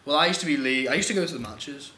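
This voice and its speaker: A man's voice: fairly high pitch, rapid-fire, sharp tone. A man co-hosting casual radio banter, rambling with lots of fillers. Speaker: band member co-host. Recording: echoey room, faint noise.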